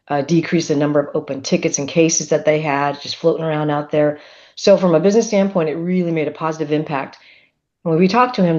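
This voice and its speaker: A woman presenting on a webinar panel, chatty and expressive, telling stories. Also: low voice, muffled recording.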